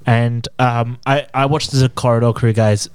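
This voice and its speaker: A man's voice: medium pitch, fairly even intonation, smooth, dry recording. A man hosting a community radio chat show, playful and jokey. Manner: playful, jokey, quick asides. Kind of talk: casual chat.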